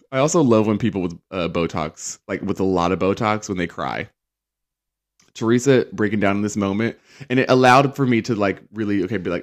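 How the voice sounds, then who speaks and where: Low-voiced male recap host, casual and sarcastic, mimics quotes. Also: moderate pace. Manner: chatty and sarcastic, acts out quotes in mocking voices.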